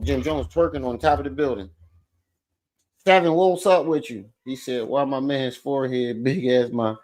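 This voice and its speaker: A man hosting a casual livestream, loud, profane and teasing as he jokes with the chat. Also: fairly high pitch. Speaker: livestream host.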